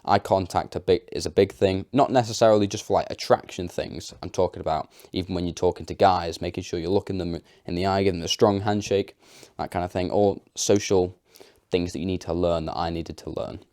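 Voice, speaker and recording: A young man talks straight to camera in a loose, unscripted way, leaning on fillers and poking fun at himself. His voice sits low. The recording is dry and close, with no room sound. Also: steady tone, a little fast, a little mellow, no room sound. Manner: chatty, filler-heavy, self-deprecating. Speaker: vlogger.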